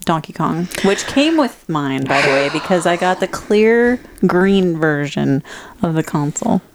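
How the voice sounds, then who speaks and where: A woman with a slightly low voice chats casually as a podcast co-host. She rambles and teases herself with a playful manner. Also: expressive, measured pace, background noise. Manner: rambling, playful, self-mocking. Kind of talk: casual chat.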